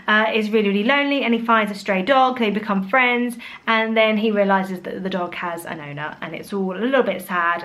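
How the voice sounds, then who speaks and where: A young woman chatting casually about her favourite bedtime picture books, animated, with playful put-on voices. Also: a little high. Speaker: vlogger reviewing children's books. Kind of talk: casual chat.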